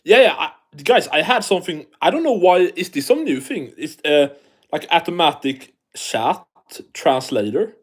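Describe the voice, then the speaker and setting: A man's voice: a little high, big pitch swings, normal speed. A man from Sweden, hosting a casual live stream, chatting and reading the chat aloud while swearing freely.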